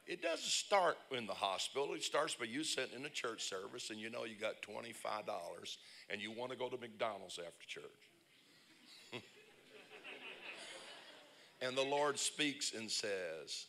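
A man preaching with a low, gravelly voice that still sounds bright and sharp. He tells stories with big swings in pitch and sudden shouts. It is a lively, humorous sermon. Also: moderate pace, slight background noise. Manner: animated storyteller, bursts into shouts and laughs. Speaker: pastor. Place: church conference service.

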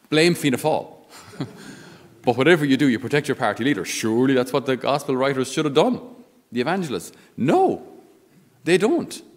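A man with an Irish accent, a Catholic priest giving a conversational homily with wry asides. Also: mid-range voice. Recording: long reverb of a large hall.

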